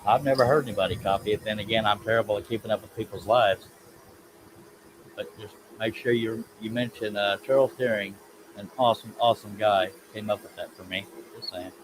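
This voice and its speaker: A man with a fairly low voice chats loosely through a woodworking live stream, wandering off topic and poking fun at himself as he reads comments out. Clear background noise and buzzing insects sit under his voice in the workshop. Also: fairly even intonation, brisk. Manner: rambling, self-deprecating, reads chat comments aloud. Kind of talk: casual live stream chat while working.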